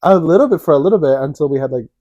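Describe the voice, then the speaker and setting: A young man with a fairly high, mellow voice tells stories in a casual chat, jumping into acted-out quotes with a lifted voice. The sound is close and dry, with no room around it. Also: racing, no room sound, dull audio. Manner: animated, acts out quotes in a raised voice. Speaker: co-host.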